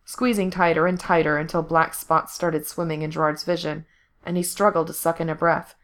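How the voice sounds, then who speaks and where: A woman narrating a story aloud in a steady, even reading. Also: lowish voice. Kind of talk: fan fiction reading.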